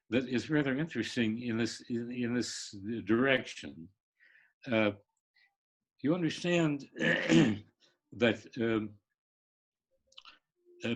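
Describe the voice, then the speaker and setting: An older man, a literature professor, explaining in a halting lecture style with many pauses and restarts. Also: medium pitch, slightly rough. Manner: halting, many fillers and restarts, sings rhythms. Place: online live stream.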